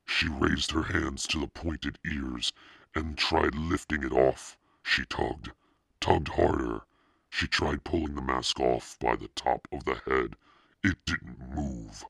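A demonic Satan narrator reads a spooky storybook in a bottomless, gravelly rumble. He drags out every word slowly and menacingly, his breathy rasp sitting close in a completely dry studio. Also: a bit bright, no echo, heavily acted. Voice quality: extremely deep, gravelly and husky. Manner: slow, menacing storytelling drawl. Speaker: podcast narrator. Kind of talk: scripted narration.

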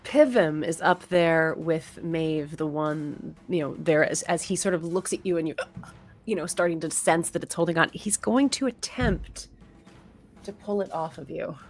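Relaxed woman narrating as game master. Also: sits low, moderate pace, soft background music. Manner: relaxed, chatty, filler-heavy narration.

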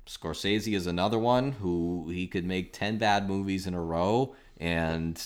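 Deep-voiced male podcast host. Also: measured pace. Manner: leads the talk, hands out turns. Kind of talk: casual chat.

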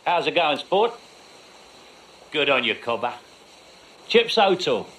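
A man's voice: fairly high pitch, very animated, unhurried, a bit bright, low-quality recording. An actor playing a con man putting on a hearty Australian accent in a film clip. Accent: put-on Australian. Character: brash male con man posing as a jovial Aussie tycoon.

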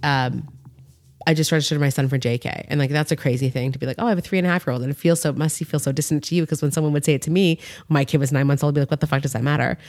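Woman podcast host in her thirties, blunt and expressive, swears freely, dry close-mic sound. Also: deep voice, rapid-fire, no echo. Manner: frank, swears freely, animated storytelling. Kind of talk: casual chat.

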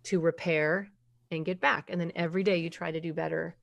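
A woman's voice: fairly low pitch, fairly even intonation, brisk, creaky. A middle-aged woman, a parenting expert, explains her approach in a conversational interview. She talks emphatically, asks rhetorical questions and now and then acts out quoted voices.

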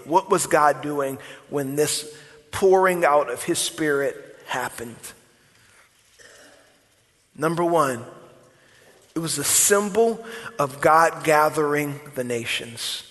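A male preacher with a high, ringing, forceful voice delivers his sermon with emphatic repetition and folksy asides to the congregation. His words echo with a long reverb through a big church sanctuary. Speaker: pastor. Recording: long reverb of a large hall.

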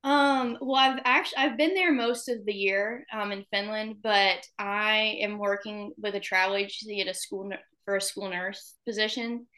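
Bright-voiced Southern woman, chatty. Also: mid-range voice, fairly even intonation, normal speed, hardly any pauses. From Alabama, US. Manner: chatty, laughs often, lots of "um" and "like". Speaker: podcast guest, hockey wife. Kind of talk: casual interview chat.

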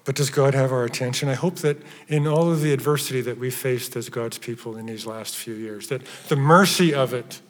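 A man preaching a sermon with emphatic stresses that drop at times to hushed, near-whispered phrases. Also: mid-range voice, fairly quick, few pauses. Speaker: pastor. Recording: reverberant church hall.

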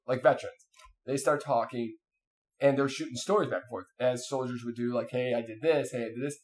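A man in casual chat, telling a long story with lots of fillers and restarts. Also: medium pitch. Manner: rambling, animated, many fillers and restarts.

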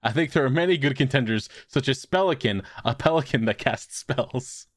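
A man's voice: medium pitch, animated, normal speed, dry recording. A man hosting a casual podcast, reading listener questions aloud with dry jokes.

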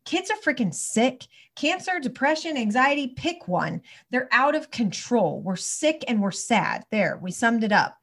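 A woman's voice: a little high, big pitch swings, unhurried, few pauses, a bit bright. A woman chiropractor in her thirties or forties, talking with heated conviction and frequent restarts in a conversation. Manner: heated, restarts often, ranting. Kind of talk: impassioned conversational talk.

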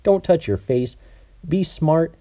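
A man's voice: on the high side, slow pace, mellow. A man hosting a casual podcast over an online call, talking with a slightly nasal tone and lots of ums and restarts. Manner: chatty, many ums and restarts. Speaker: podcast host. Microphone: over Skype.

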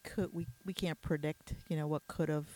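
A woman's voice: low-pitched, steady tone, moderate pace, a little mellow, dry recording. A woman hosting a podcast interview, chatty and casual, with many fillers and restarts. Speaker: podcast host.

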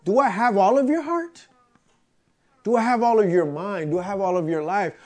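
A preacher voicing the Lord, calm and direct, asking believers searching questions. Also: male voice, high-pitched, normal speed, voice pushed up, close to an everyday voice.

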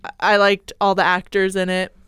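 Woman in her 30s co-hosting a podcast, smooth clear voice, dry close sound. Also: mid-range voice, monotone, normal speed, a bit bright, no echo. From Oregon, United States. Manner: chatty, laughing, with fillers. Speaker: podcast co-host. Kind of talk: casual chat.

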